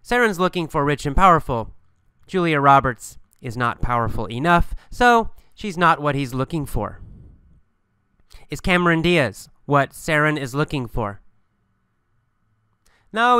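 Bright, emphatic male English teacher. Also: a little high, animated, smooth, no echo. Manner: slow, emphatic, asks and answers questions. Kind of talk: storytelling language lesson.

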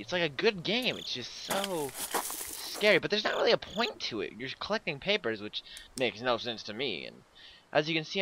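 A man giving let's-play commentary on a horror game, rambling and joking nervously, stammering and yelling when startled. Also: mid-range voice, slight background noise. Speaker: gaming channel host.

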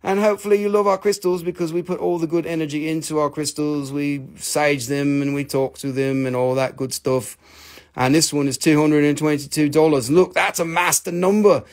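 A man's voice: fairly high pitch, fairly even intonation, moderate pace. A man hosting a live crystal sale stream in a casual, joking, rambling way, swearing freely and teasing himself. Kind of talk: casual live selling chat.

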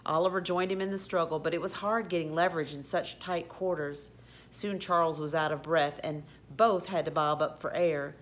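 A woman reading a children's storybook aloud, expressive with occasional slips and restarts. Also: low voice, normal speed, slight background noise. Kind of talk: storybook read-aloud narration.

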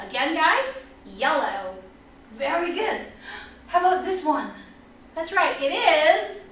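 A woman teaching an online English lesson for children, energetic and upbeat, leading repeat-after-me drills. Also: very high-pitched, a little hiss or hum. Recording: echoey room, mic at a distance.

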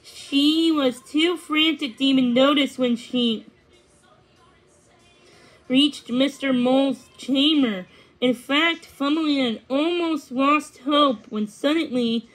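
Woman reading a storybook slowly. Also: high-pitched, poor audio. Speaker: reader. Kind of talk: storybook read-aloud narration.

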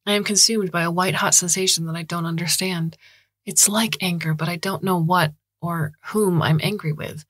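A woman reading a science fiction story aloud as podcast narrator, in a measured, even manner. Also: low voice, no echo, studio quality. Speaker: audiobook narrator.

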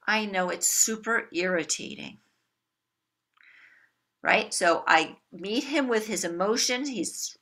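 A woman giving an animated workshop talk to a room of parents, coaching them with acted-out examples. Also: medium pitch. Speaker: parenting educator. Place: room with an audience.

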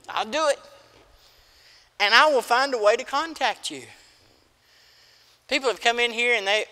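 A middle-aged pastor delivers a folksy, emphatic sermon full of stories. His voice sits high and bright. The sound carries a long church-hall reverb. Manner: folksy, storytelling, emphatic preaching. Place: church sanctuary.

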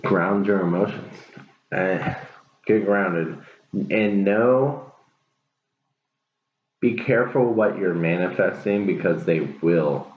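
Slow, deep-voiced encouraging tarot reader man. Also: a little hiss or hum. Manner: earnest, encouraging, rambling. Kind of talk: casual tarot reading to viewers. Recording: echoey room, dull lo-fi sound.

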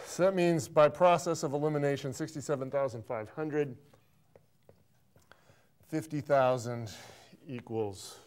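A middle-aged man runs an accounting class in a lecture room at an even, middling pitch. He quizzes students in a playful, teasing way and often repeats his praise. He talks like a relaxed professor.

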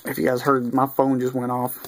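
A man giving casual unboxing commentary, reading off cards one by one with easygoing, mildly excited asides and fillers. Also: mid-range voice, fairly quick, a little hiss or hum. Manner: easygoing, reads off cards one after another. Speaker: video creator opening card packs.

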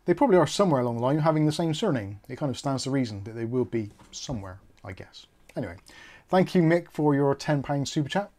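A man's voice: mid-range voice, expressive, fast talker, mellow. A man, hosting a live tech stream in a rambling, jokey way that wanders off topic. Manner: rambling, jokey, self-correcting.

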